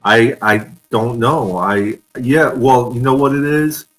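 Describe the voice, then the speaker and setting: The fan show host, a man, speaks slowly in a medium-pitched voice that's a bit bright. He spins stories and laughs often during a casual live-streamed chat with fans over a video call, and the recording is rough.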